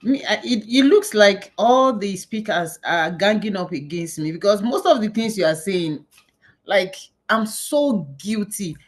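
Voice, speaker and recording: Animated woman moderating a panel. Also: mid-range voice, a little slow. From Nigeria. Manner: animated, self-mocking storyteller. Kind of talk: conversational panel facilitation.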